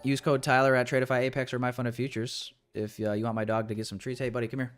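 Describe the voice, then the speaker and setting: A man's voice: medium pitch, level tone, quick pace, faint music behind. A young man talking casually through a live trading stream, rambling with restarts and sounding frustrated. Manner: frustrated, rambling, restarts, calls viewers boys. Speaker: day trader streaming live.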